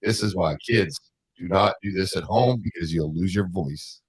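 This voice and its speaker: A man's voice: sits low, moderate pace, slight background noise. An older man co-hosting a studio talk show in casual chat, rambling and repeating himself. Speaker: co-host.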